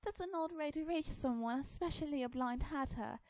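A woman voicing an earnest, polite thirteen-year-old girl in a high, girlish voice. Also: normal speed, a little mellow, no echo, lightly acted.

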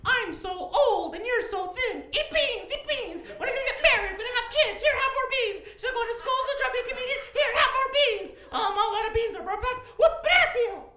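A man voicing a fussy elderly grandmother who nags about food and marriage in a shrill falsetto. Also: brisk, few pauses, bright, forceful tone. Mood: nagging. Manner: shrill, nagging, scolding. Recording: echoey club with audience noise.

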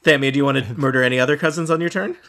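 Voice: medium pitch, very fast, fairly bright tone. A game master running a tabletop game, narrating the action with a dry, wry wit.

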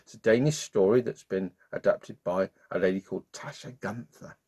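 A man with a lowish, husky voice reads a bedtime story to children at a normal speed, playing the channel's storyteller in a playful, friendly way. He sounds warm-hearted and playful, and he sings along.

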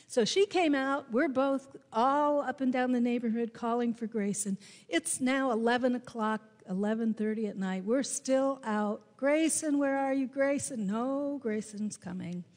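Slow-speaking woman pastor in a reverberant church. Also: a little high, darkish tone. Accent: Midwestern American. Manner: storytelling, slow and deliberate with emphatic rises. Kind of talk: sermon. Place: church sanctuary. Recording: long hall reverb in a church.

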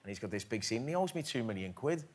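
A man's voice: medium pitch, big pitch swings, very fast, breathy edge. A man with a Liverpool accent, a guest on a TV chat show, telling stories with frequent laughs. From England. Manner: laughing storyteller, self-deprecating. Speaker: actor guest. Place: TV studio with audience.

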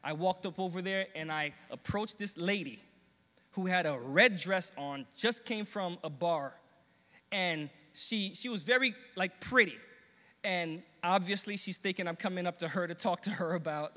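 A young adult man preaching, telling a personal story with earnest, animated quoted dialogue. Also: sits high, normal speed. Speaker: pastor. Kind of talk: sermon storytelling. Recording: long hall reverb.

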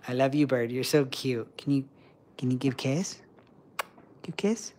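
Man host, doting soft-spoken pet talk, low hiss behind. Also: unhurried. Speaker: livestream host with pet birds. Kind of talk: casual chat with pets and viewers.

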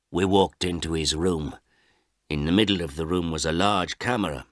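A man reading a first-person story aloud as narrator, in slow, deliberate, plain sentences. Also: sits low, dry recording, studio quality. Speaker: audiobook narrator.

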